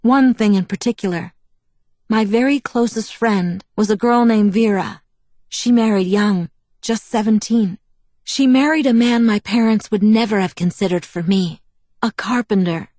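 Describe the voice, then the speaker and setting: A woman's voice: medium pitch, moderate pace, darkish tone, no echo, close to an everyday voice. A woman voicing a proud, bitter young woman vampire who tells her past in a wistful, self-mocking way, in an audiobook. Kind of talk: audiobook character reading.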